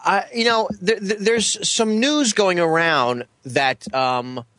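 A man co-hosting a podcast, telling rambling stories in a deadpan way. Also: high-pitched, slow, no room sound. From New Jersey. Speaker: podcast co-host. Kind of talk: casual chat.

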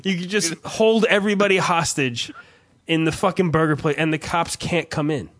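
A man in his thirties chatting casually, rambling and swearing as he tells animated stories. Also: fairly high pitch, normal speed. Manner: rambling, profane, animated storyteller. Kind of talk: casual chat.

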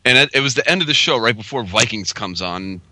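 A man's voice: mid-range voice, animated, fairly quick, sharp tone, dry recording. A man telling a story in casual chat as podcast co-host, laid-back and joking.

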